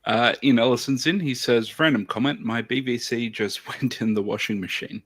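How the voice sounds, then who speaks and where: A man's voice: medium pitch, moderate pace, fairly bright tone. A man co-hosting a hobby livestream, reading out viewer comments with frequent hesitant fillers. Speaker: livestream co-host. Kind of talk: casual chat. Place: home studio, on a video call.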